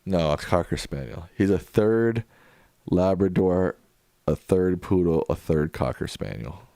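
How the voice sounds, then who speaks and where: A man hosting a casual livestream, chatting in a relaxed way and thinking aloud as he answers viewers. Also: low voice, unhurried, dry recording. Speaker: livestream host.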